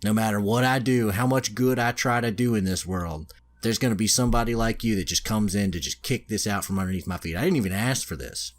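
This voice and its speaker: Man playing a wronged young hero: ranting, bitter, deep-voiced, in a casual podcast recap. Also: quick pace, natural voice. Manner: ranting, swearing.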